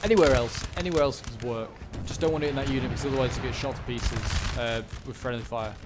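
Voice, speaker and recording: A man's voice: mid-range voice, quick pace, noisy background. A man casually commentating a video game battle, musing aloud with lots of fillers and self-corrections. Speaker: gaming commentator. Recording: loud gunfire from game audio under voice. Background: game battle sounds, gunshots.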